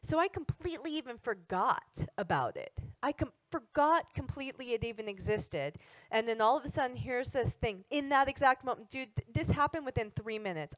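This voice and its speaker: A woman who teaches wellness, telling a personal story to an audience in an animated, casual way. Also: a little high, no room sound, low-quality recording.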